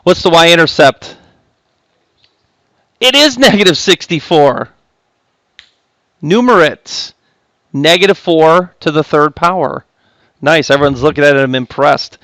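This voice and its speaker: A man teaching a math lesson, chatty and jokey with quick asides and self-interruptions. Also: fairly high pitch, expressive, fairly bright tone, no room sound. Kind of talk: recorded classroom lecture.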